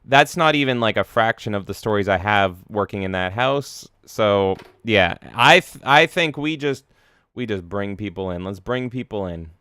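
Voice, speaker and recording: A man hosting a casual chat, telling a story with lots of swearing and bursts of loud acted-out voices. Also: fairly low pitch, normal speed, clean tone, no room sound, clean studio sound. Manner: animated, swears a lot, acts out voices. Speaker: host.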